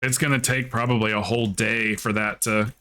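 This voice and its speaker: A man's voice: fairly low pitch, steady tone, fairly quick, pushed and bright. A man from the South, chatting casually and telling rambling stories during a game stream. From Southern United States. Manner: rambling storyteller, lots of "like" and restarts. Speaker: streamer and group leader. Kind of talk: casual chat during gameplay.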